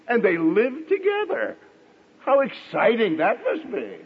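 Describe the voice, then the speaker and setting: A middle-aged man preaching a sermon with dramatic pauses, now and then acting out the voices of the people in his stories. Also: extremely high pitch, huge pitch swings, big-room sound, narrow, tinny audio, slight background noise.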